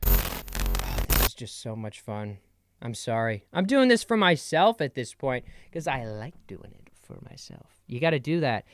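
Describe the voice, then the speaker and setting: A man's voice: medium pitch, huge pitch swings, a little slow. A young man hosting a podcast solo, rambling playfully in a casual comedic monologue. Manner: rambling, playful, jumps between bits. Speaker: podcast host.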